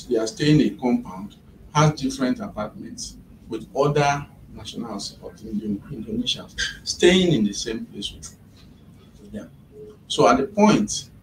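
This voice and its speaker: A man's voice: medium pitch, a little hiss or hum. Man heard from across an echoey office. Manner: measured, step-by-step retelling. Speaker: employer's representative. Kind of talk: recounting events in a mediation session. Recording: echoey room from a distant mic.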